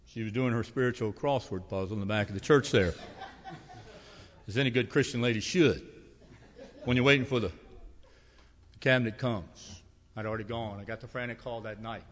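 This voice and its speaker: A man preaching in a church, telling homespun stories with gentle humor. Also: fairly low pitch, moderate pace, pauses often, long reverb tail. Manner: folksy storytelling with humor. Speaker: pastor. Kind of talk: sermon. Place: church sanctuary.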